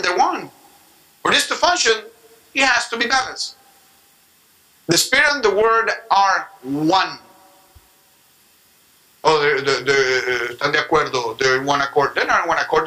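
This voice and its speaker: Poor audio captures a high-voiced pastor delivering a sermon. As he teaches, he animatedly mimics people and acts out prayers, including prayer voices and speaking in tongues.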